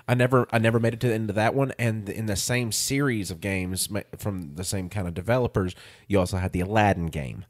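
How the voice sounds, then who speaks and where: Podcast co-host, man, low voice, rambling casual chatter. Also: a little fast. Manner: rambling, self-correcting, laughs easily.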